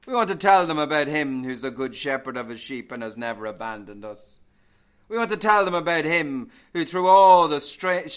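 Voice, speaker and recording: A man's voice: on the high side, bright, forceful tone. A male pastor preaching a sermon, building emphasis with repeated phrases and rhetorical questions.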